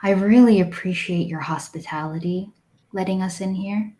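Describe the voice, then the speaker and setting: A woman voicing a dainty, graceful female elf noble who speaks softly and politely. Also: mid-range voice, normal speed, echoey room, lightly acted.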